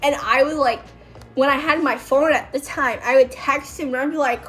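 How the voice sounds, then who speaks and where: A woman's voice: high voice, moderate pace, fairly bright tone. Chatty young woman, faint music behind. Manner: chatty, lots of fillers and quoted voices. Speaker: background extra. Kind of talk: casual storytelling.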